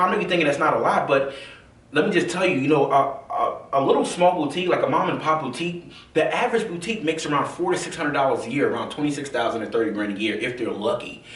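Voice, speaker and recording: A man from the American South telling his own story in a casual, animated way, full of fillers and acted-out quotes. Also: mid-range voice, fast. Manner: animated, acts out quoted voices, many fillers. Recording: roomy, from a distance.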